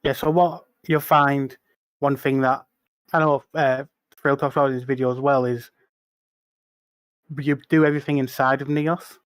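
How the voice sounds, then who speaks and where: A man's voice: medium pitch, level tone, moderate pace, long pauses, clear, resonant tone, no room sound, clean studio sound. A man, a guest on a casual podcast, explaining things in an earnest, patient way.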